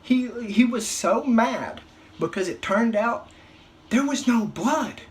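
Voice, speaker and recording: A young man doing a stand-up comedy routine, telling a crude, profane story with animated outbursts. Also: extremely high pitch, slow.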